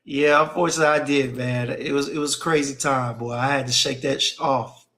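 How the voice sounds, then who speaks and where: A man's voice: medium pitch, normal speed, vocal fry, sharp tone. A man hosting a stream, telling casual stories in an emphatic way and often repeating phrases for effect. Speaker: livestream host reading chat. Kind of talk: casual storytelling chat.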